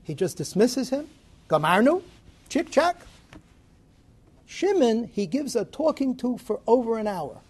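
A man giving a Torah lecture, dramatic and animated, swinging between loud rises and soft drops. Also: very high-pitched, moderate pace, few pauses, slight background noise. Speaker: Torah teacher.

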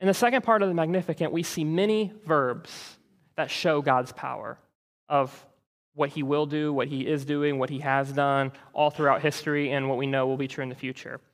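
A man with a high voice preaches a sermon, animated and conversational, tossing in quick asides to his listeners. His voice rings out with a long reverb, as in a church hall. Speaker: pastor.

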